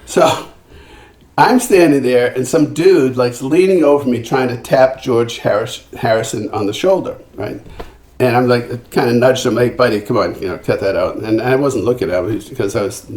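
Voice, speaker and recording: Older male singer-songwriter guest, mid pitch, animated storyteller, roomy echo. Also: normal speed. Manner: animated anecdotes with acted-out quotes and frequent restarts. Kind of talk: storytelling in a podcast interview.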